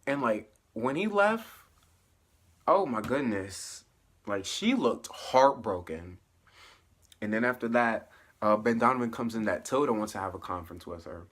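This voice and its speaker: A man giving a casual spoiler recap of a TV episode, animated, with laughing asides and acted-out quoted lines. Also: mid-range voice, measured pace. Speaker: TV show reviewer.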